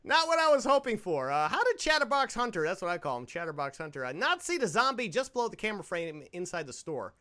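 A man hosting a podcast, ranting sarcastically and swearing as he reviews a low-budget film. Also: sing-song, fast, few pauses, bright, forceful tone. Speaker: podcast host. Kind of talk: casual movie-review banter.

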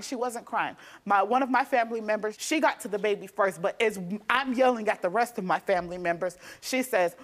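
Young woman telling her story fast. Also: a little high, a bit bright. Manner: rapid, emotional storytelling with restarts. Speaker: talk show guest. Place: TV studio stage.

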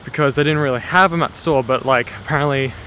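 With a medium-pitched, sharp voice and a quick pace, a young man narrates a casual handheld travel vlog outdoors in busy streets, a station and a park. He swears often and laughs a lot, while clear street noise runs behind his camera on its small tripod.

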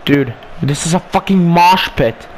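Brief: young man venting over a football game, sweary, sudden yells, faint noise. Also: fairly high pitch, unhurried. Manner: frustrated, swearing, bursts of yelling. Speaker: gaming streamer. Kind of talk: casual gameplay commentary.

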